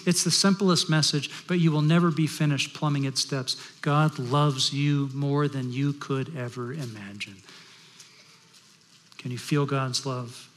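Pastor in a reverberant worship hall. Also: male voice, fairly high pitch, steady tone, a little slow. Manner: storytelling, shifting from loud to hushed. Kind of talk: sermon.

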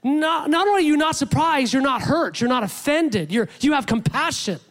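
A man preaching a sermon in a lively, animated way, acting out quotes with rising pitch. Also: normal speed. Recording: long hall reverb.

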